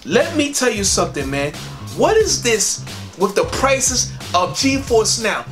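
Foul-mouthed male gaming vlogger in full rant, lively swooping delivery over background music. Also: very high voice. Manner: angry, cursing, loud outbursts, drawn-out sing-song emphasis. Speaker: gaming channel host. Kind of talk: profane ranting vlog.

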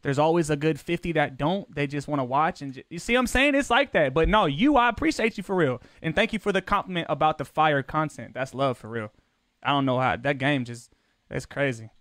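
A man's voice: a little high, animated, a little fast, fairly bright tone, no echo, studio quality. A man streaming a football video game, chatting casually with his viewers in loose, profane slang, his voice jumping up when he gets defensive. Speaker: gaming streamer.

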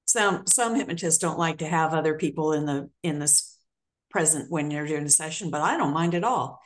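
A woman hosting an interview, calmly recounting a session with a client. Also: low voice, moderate pace. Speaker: host. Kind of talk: conversational interview.

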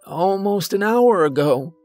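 A man's voice: sits high, lively intonation, a little slow, darkish tone, faint music behind, pitched above the performer's own voice. A man voicing a frantic, weeping old man of about eighty who pleads through tears. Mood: despairing. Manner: wailing, pleading, tearful.

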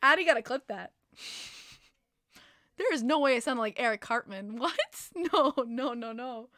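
A young woman with a New York accent hosts a live stream in casual chat, excitable and quick to swear and laugh. Her voice sits fairly high and sounds close and dry from a home streaming setup. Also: dry recording. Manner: excitable, profane, laughs often. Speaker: podcast streamer host.

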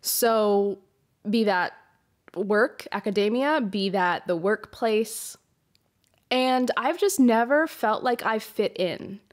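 A young woman hosts a podcast in a casual confessional monologue, blunt and unfiltered, swearing freely and often restarting her phrases. Her voice sits at an everyday middle pitch and comes through a hot, close microphone. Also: slow. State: emotional, runny nose. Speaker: podcast host. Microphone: hot close mic.

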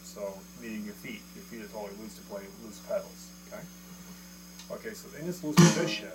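In an indoor room with an electronic drum kit, a drum teacher with a lowish voice gives a casual video lesson, counting beats aloud. He walks through things step by step and checks in with "okay?". The low-quality recording comes from a camera mic.

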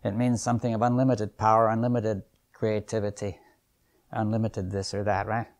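In a lowish, flat voice at a normal pace, a seventy-something man leads a seminar, thinking out loud without a script. He's reflective and musing, checking in regularly with "right?" and "you see" and chuckling softly as he moves between points.

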